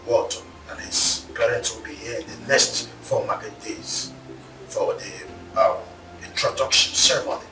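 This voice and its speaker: Stern Nigerian father, cold and commanding, echoey, distant, loud music. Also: medium pitch, fairly even intonation, measured pace. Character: stern wealthy father forcing a daughter's marriage. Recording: roomy echo, heard from a distance, music behind.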